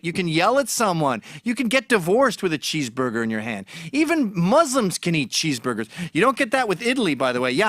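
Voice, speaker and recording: A man's voice: on the high side, a bit bright, no room sound, studio quality. A man delivering a sarcastic, mocking comic rant straight to camera as a commentator.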